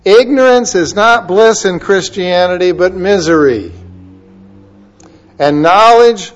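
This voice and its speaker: A man's voice: high voice, dull audio. A man preaching a sermon, asking rhetorical questions and rising to emphatic peaks as he quotes scripture references one after another. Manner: preaching, quoting scripture references in quick succession. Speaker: pastor.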